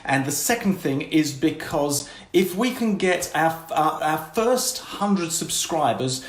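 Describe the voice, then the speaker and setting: A man's voice: on the high side, lively intonation, takes it slowly. A man co-hosting a live-streamed coffee morning from home, chatting in a jokey, rambling way. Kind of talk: casual chat. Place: home room. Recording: echoey room, faint background noise.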